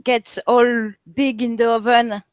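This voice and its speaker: A woman from France, talking in a halting way with many fillers in a casual chat. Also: fairly high pitch, level tone, clean tone, dry recording. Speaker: guest.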